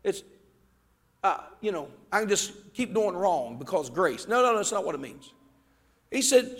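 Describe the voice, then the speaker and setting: A man preaching a fervent sermon as pastor, swinging between shouted peaks and quiet, low asides. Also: very animated, a little slow. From Ohio. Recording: reverberant church hall.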